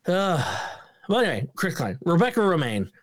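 This podcast co-host has a fairly high-pitched voice and talks at normal speed, recorded at studio quality with no room sound. On a casual movie review show, he curses openly and gets animated, breaking into abrupt put-on voices to mimic lines.

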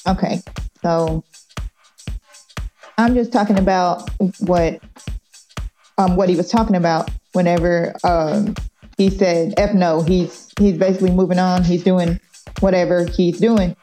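Woman, co-host, low warm voice, slow, hesitant, soft-spoken. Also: steady tone, soft background music. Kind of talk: casual sports chat.

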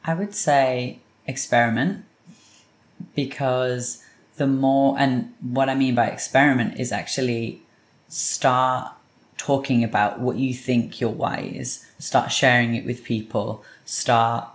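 A podcast guest giving thoughtful, steady advice in a casual chat. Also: mid-range voice, slow pace. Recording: roomy echoing sound.

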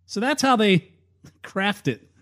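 Male show host, high and lively, sarcastic commentary. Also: slow pace. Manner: sarcastic, reads news aloud with commentary. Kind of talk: commentary and read sponsor ad.

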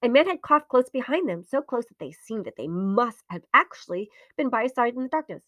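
A woman reading a ghost story aloud in a hushed, dramatic voice. She sits fairly high in pitch, slips into whispers, and slows for suspense. The recording is dry and close. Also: big pitch swings, no echo.

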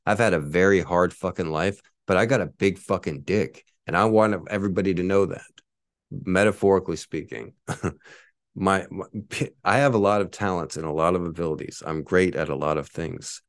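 Low-voiced, profane ranting podcaster in his forties. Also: moderate pace, dry recording, studio quality. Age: 40s. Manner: profane, boastful and combative. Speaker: podcast host.

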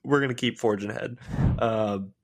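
A man co-hosting a casual fan podcast, retelling scenes excitedly with lots of filler words. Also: medium pitch, moderate pace. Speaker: podcast co-host.

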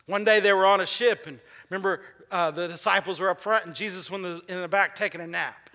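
This pastor's voice sits high and comes out fast, bright and forceful as he delivers a sermon in a church sanctuary. He asks his congregation questions and hammers home key phrases by repeating them, all carried on the long echo of a big hall.

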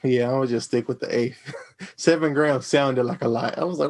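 A man's voice: medium pitch, normal speed, a little mellow. A man in casual chat, laid-back, with short slangy remarks.

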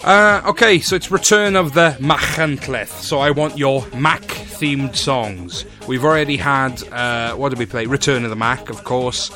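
A man hosts a casual podcast in a bright, forward voice. He teases his guest with quick, cheeky banter. Faint music plays behind him. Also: medium pitch. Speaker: podcast host.

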